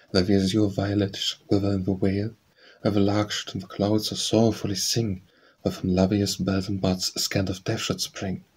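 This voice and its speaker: Husky-voiced man reading poetry slowly. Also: fairly low pitch. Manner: slow, measured recitation. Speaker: audiobook narrator.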